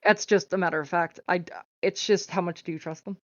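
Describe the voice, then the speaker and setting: A woman's voice: on the low side, fairly even intonation, fairly quick, dry recording. A woman playing a tabletop game and talking strategy in a matter-of-fact way. Her voice comes through a dull, dry, lo-fi mic. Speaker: player. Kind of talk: casual tabletop game chat.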